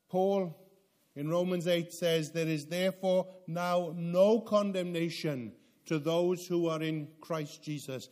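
Slow, dramatic male preacher. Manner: rises to loud emphatic peaks, then drops low and quiet; slow, deliberate delivery with dramatic pauses. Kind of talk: sermon.

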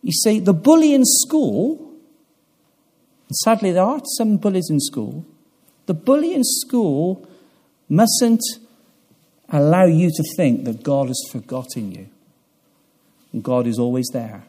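A man preaching a sermon, earnest, sinking to a hush and then swelling with emphasis. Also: fairly high pitch, sing-song, slow pace, long pauses, slightly rough. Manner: earnest, dramatic swells and hushed drops. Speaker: pastor.

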